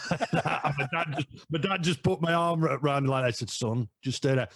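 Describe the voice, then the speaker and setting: Man, podcast guest, animated storyteller, middle pitch, dry. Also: fairly quick, no room sound. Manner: rambling, animated, lots of uhs. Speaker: podcast guest, football fan. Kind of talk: casual storytelling.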